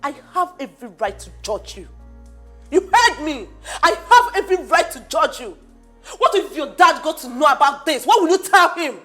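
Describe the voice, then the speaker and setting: A woman's voice: high voice, sing-song, normal speed, fairly bright tone, faint music behind. An actress with a Nigerian accent playing an outspoken woman who scolds her friend with incredulous questions. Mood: scolding.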